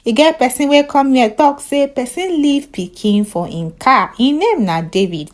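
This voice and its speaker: A Nigerian woman voicing a chatty radio show host, loud and teasing. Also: high voice, expressive, moderate pace, voice pushed up. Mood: lively.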